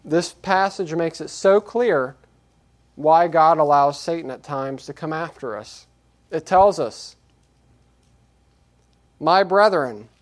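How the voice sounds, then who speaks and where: A man preaching a sermon, moving from quiet reflection to raised, emphatic scripture reading. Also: a little high. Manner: earnest, repetitive exhortation.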